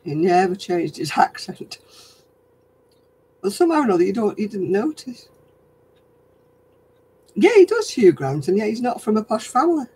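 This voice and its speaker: A man's voice: sits high, big pitch swings, moderate pace, pauses often, a little mellow, low-quality recording. An older man hosting a casual livestream chat, talking in a rambling, chatty way and laughing often. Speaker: host.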